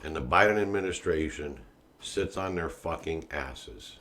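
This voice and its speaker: A man hosting a political podcast, talking in a profane ranting style that swings from quiet muttering to loud shouting. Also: very deep voice, measured pace. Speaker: podcast host. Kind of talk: political commentary rant.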